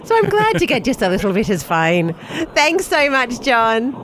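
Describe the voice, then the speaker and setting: Bubbly high-voiced woman radio host. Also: very animated, normal speed, noisy background. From South Africa. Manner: bubbly, laughs often. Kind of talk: breakfast radio chat.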